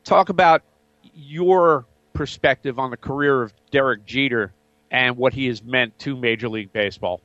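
A man co-hosting a sports radio show, halting and restarting as he asks a question. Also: medium pitch, a bit bright, no room sound, lo-fi sound. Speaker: radio co-host.

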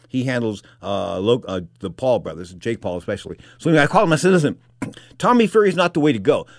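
Rapid, rambling male radio host, dead-dry studio sound. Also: a little high, no room sound. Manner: fast rambling asides, many "of course" and "anyway". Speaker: boxing talk radio host. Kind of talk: casual talk radio monologue.

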